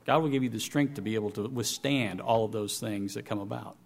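A man preaching a sermon, reading scripture aloud with emphasis and dropping to quiet, low asides to explain it. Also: brisk, vocal fry, a little hiss or hum.

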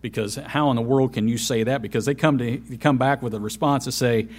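A man delivering a sermon in a medium-pitched voice. He drops to a near hush, then rises to loud emphasis. He repeats his key phrases for weight. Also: fairly even intonation, brisk. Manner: dramatic swings between loud and soft, repeats key phrases. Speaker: preacher.

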